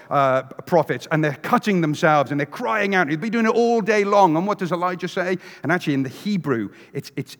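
A man preaching a sermon in a church, telling the story with animated voices and dropping to hushed tones. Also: fairly high pitch, big-room sound. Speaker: pastor. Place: church sanctuary.

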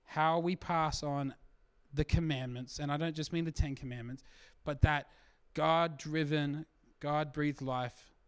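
A man's voice: on the high side, clean tone. A male pastor preaching a sermon to his church in an earnest, emphatic way.

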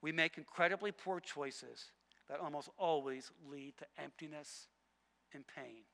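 A male pastor preaching a sermon, emphatic and repetitive, swinging between loud passages and hushed ones. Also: a little high, a little slow, vocal fry, long reverb tail.

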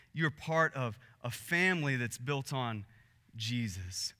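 A man's voice: medium pitch, lively intonation, slow, sharp tone, big-room sound. A man preaching a sermon as pastor, telling a story in an earnest way that builds in intensity.

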